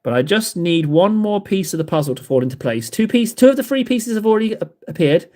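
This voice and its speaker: A man's voice: high-pitched, big pitch swings, fast talker, a little mellow. A man hosting a livestream, chatting with viewers while painting models, rambling and self-mocking, laughing often. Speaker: livestream host painting miniatures. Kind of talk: casual chat with live chat.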